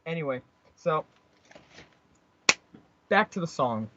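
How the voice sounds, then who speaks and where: A man's voice: fairly high pitch, animated, takes it slowly, lo-fi sound, heavy background noise. A young American man hosting an internet radio show, rambling through a profane, easily fired-up rant from a small home studio. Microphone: studio mic with headphones.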